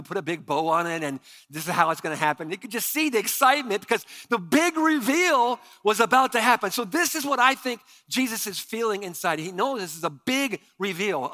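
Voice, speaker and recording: A middle-aged man preaching a sermon in a church, telling stories animatedly with stammered restarts and dropping to a hushed low voice for emphasis. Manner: drops to a quiet low voice for emphasis. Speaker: pastor. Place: church sanctuary.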